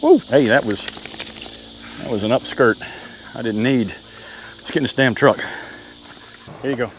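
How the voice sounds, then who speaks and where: A middle-aged Oklahoma man speaks a little slowly in a mid-range voice as he makes a casual, rambling camping vlog. He talks to his dog around his truck at a campsite while bugs hum faintly behind him.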